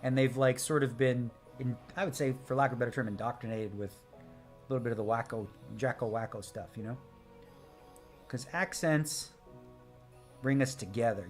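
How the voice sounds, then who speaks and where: A man's voice: mid-range voice, moderate pace, soft background music. A man live-streaming a poker session, chatting casually with viewers in a brash, joking way and answering their chat messages. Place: home streaming setup.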